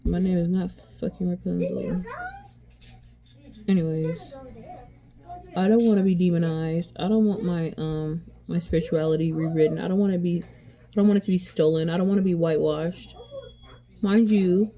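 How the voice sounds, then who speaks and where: A woman's voice: lowish voice, steady tone, normal speed, pauses often, warm tone, muffled recording. Rambling, candid woman chatting. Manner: rambling and candid, with frequent swearing; restarts and repeats herself often. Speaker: beauty vlogger. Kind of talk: casual chat while doing makeup.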